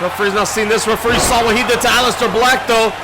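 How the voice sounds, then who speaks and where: A man doing excited play-by-play commentary over a wrestling video game, shouting his calls with game music and crowd noise behind him. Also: very high voice, quick pace. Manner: hyped, loud, shouting calls.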